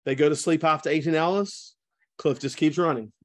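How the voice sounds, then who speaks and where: A man's voice: a little high, steady tone, normal speed, no echo, studio quality. A man telling a story in a casual, chatty way, full of asides, over a video call. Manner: chatty, lots of fillers and asides. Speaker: speaker.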